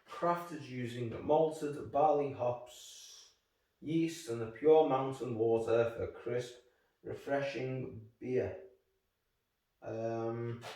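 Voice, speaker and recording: A man's voice: mid-range voice, mellow, recorded from a distance. A man with a Liverpool Scouse accent reviewing a beer in rambling, jokey, sweary chat. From Liverpool, England. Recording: echoey room, voice off-mic.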